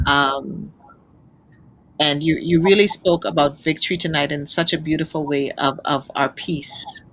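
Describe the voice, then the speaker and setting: A woman's voice: low-pitched, steady tone, unhurried, fairly bright tone, poor audio. A woman hosting an interview show, speaking in an effusive, emotional way. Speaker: host. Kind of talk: interview chat.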